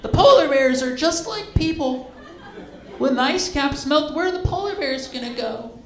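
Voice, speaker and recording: A man voicing an earnest, whiny environmentalist friend who pleads slowly in a high voice. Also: expressive, roomy sound, a faint crowd, a little hiss or hum. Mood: pleading. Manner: slow, pleading, high-pitched.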